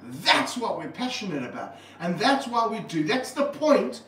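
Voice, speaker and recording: Wildlife host, male, fairly high voice, passionate and earnest, slightly distant mic in a roomy space. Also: moderate pace, a little hiss or hum. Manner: earnest, passionate, animated while handling snakes. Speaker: wildlife presenter. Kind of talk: casual livestream talk.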